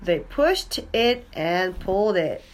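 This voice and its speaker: Expressive woman reading a children's story. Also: mid-range voice. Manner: slow, clear, expressive reading. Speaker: storybook reader.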